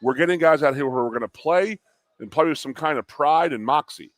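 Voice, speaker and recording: A man co-hosting a sports talk show, getting animated and worked up, with lots of restarts. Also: a little high, brisk, dry recording. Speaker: co-host, former player.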